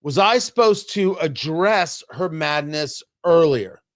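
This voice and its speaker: Animated high-pitched male talk-show host. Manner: animated, teasing chat-reader banter; halting, restarts mid-sentence. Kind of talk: live-streamed talk show.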